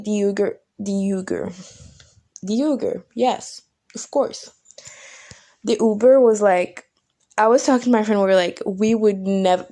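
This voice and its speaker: A young woman vlogger telling a night-out story casually, swearing often and acting out what everyone said. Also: medium pitch. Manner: animated, swears a lot, acts out quotes.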